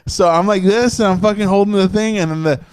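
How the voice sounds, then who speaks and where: A man with a slightly high voice tells a story on a casual podcast, animated and full of swearing. He acts out the people in the story as he goes. The sound is dry and close. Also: quick pace, clean tone, dry recording. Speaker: podcast host.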